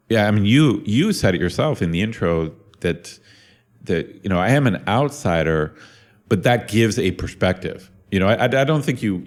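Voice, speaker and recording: A man's voice: low-pitched, darkish tone. A middle-aged man from Ohio, co-hosting a casual podcast and talking thoughtfully, with many restarts and repeated words. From Ohio, USA. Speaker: podcast co-host and university lecturer.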